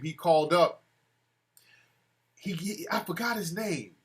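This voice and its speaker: A man's voice: sits high, measured pace. A man hosting a casual live-stream call-in show, talking loosely and mocking callers. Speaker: host.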